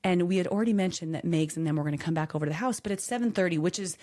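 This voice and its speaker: A woman's voice: lowish voice, racing, mellow. A woman co-hosting a podcast, telling a candid story in casual chat and acting out quotes in a raised voice. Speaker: podcast co-host.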